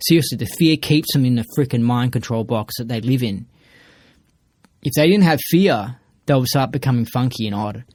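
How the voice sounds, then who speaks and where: A man's voice: mid-range voice, normal speed, a little mellow, no echo. A man in a casual podcast monologue, ranting emphatically and swearing freely. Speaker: podcast speaker.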